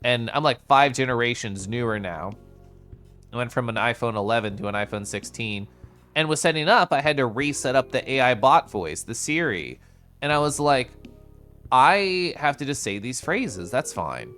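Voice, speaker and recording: A livestreaming man chats casually with viewers in a comfy, distinctive, medium-pitched voice. He's expressive, with playful sing-song intonation and drawn-out syllables, sometimes sinking into soft, quiet murmurs, over faint background music.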